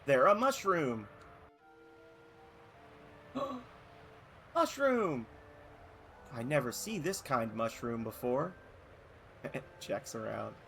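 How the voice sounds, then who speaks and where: A man's voice: medium pitch, wildly swooping pitch, slow pace, gravelly, pauses often, fairly bright tone, faint music behind, heavily acted. A man voicing an odd, gluttonous game creature who speaks in broken, clipped grammar. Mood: excited.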